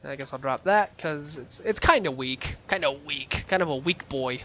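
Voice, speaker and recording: A man's voice: on the high side, lively intonation, moderate pace, sharp tone, dull audio, a little hiss or hum. A man giving casual, playful commentary while playing a video game, chatty and rambling. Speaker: let's play gamer.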